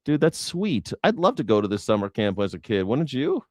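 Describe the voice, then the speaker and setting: Man, host, news reaction, sarcastic, profane, rambling, mid pitch, dry. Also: very animated, moderate pace, no room sound.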